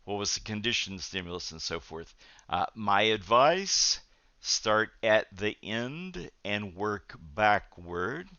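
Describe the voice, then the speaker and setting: A man with a fairly low but bright, forceful voice teaches a psychology class on video. He explains each point in a steady, measured way and often fills pauses with "uh". The recording sounds dull and lo-fi, and dry. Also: clean tone, dry recording. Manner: measured, explanatory, frequent "uh" fillers. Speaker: psychology lecturer.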